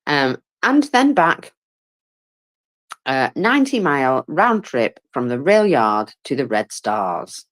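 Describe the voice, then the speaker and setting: Slow and weary, this war commentator yawns her way through casual live audio-room commentary, her low voice making big pitch swings. She peppers the talk with fillers and asides, keeping a wry, self-mocking humor throughout.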